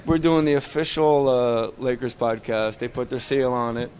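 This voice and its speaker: Joking, excitable male podcast host. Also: medium pitch, normal speed, slight background noise. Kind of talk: casual sports chat. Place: arena after a game.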